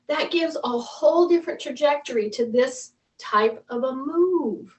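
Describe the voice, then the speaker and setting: A woman's voice: high-pitched, a bit bright. A woman fitness instructor leading a live mobility class, giving patient, repeated coaching cues. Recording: echoey room, voice from far off.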